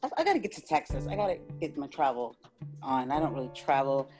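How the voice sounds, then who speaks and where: A woman hosting a casual podcast, reacting warmly and laughing a lot. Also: extremely low pitch, sing-song, fast. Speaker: podcast host. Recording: clear music playing under the voice.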